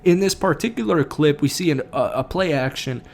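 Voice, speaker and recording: A young man hosting his own sports channel, talking fast and excited through rapid-reaction football commentary, a little out of breath. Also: fairly high pitch, gravelly. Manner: excited, hurried, hyped-up.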